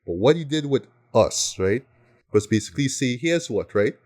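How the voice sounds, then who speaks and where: A man's voice: medium pitch, lively intonation, normal speed, darkish tone. Guy on a podcast gushing about horror movies, keeps saying right?, laid-back chatty delivery. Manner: enthusiastic, peppers talk with "right?". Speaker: podcast co-host. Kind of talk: casual film review chat.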